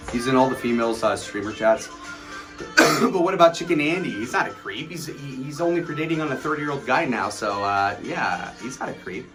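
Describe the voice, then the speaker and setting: A man in his twenties chatting on a late-night livestream, rambling, swearing and mocking people while he answers chat. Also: fairly high pitch. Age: 20s. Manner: rambling, profane, mocking storytelling; reads and answers chat messages aloud.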